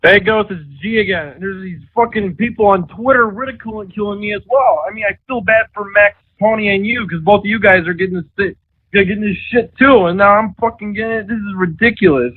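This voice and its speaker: A man's voice: high voice, a little fast, no room sound. A man calling in to a radio show, upset and swearing. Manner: upset, profane. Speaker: caller. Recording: tinny, dry phone line.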